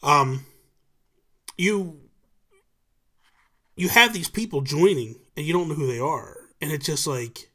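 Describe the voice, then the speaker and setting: Animated storyteller man, higher voice. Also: takes it slowly, pauses often. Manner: animated storyteller who acts out quotes. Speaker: podcast host. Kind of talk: casual livestream chat. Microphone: video call.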